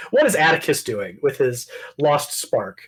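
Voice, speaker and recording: GM: husky man, lively delivery, rambling narration of an online tabletop game. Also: a little high. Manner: animated, rambling, self-correcting. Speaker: game master.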